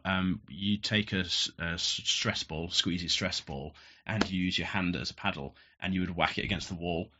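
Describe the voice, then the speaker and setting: A man's voice: deep voice, dull audio, noisy background. A young man telling stories casually on a podcast, laughing often and restarting his sentences. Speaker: podcast guest. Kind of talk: casual storytelling. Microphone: headphones with podcast mic.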